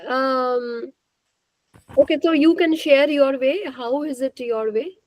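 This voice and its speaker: A woman's voice: sits high, slow pace, muffled recording. A woman leading a faculty training workshop, questioning and coaching her audience. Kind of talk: interactive faculty workshop talk.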